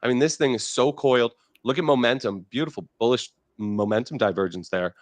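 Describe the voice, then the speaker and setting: A man hosting a live stock market show, talking in brash, profane, excitable trader banter. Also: medium pitch, fairly quick, no echo. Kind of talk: casual market chat.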